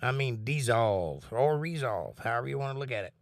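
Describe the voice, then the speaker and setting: A man's voice: mid-range voice, brisk, no room sound. A man hosting a casual livestream from home, talking earnestly about faith and reading out viewers' comments. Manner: relaxed, earnest, talks about faith and reads chat comments. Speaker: livestream host.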